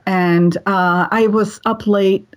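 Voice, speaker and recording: A middle-aged woman co-hosting a casual podcast conversation, talking in an earnest, reflective and measured way. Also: medium pitch, fairly even intonation.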